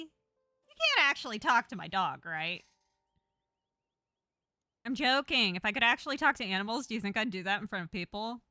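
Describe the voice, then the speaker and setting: Bright-voiced woman streamer chatting. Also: mid-range voice, lively intonation, normal speed, long pauses, no echo, studio quality, faint music behind. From Texas. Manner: chatty, jokey asides to viewers. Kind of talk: casual gameplay commentary, reading a story game aloud.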